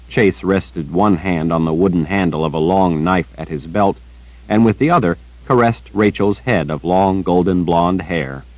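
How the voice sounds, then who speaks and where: Deep-voiced male audiobook narrator. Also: dry recording, low-quality recording. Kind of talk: scripted narration.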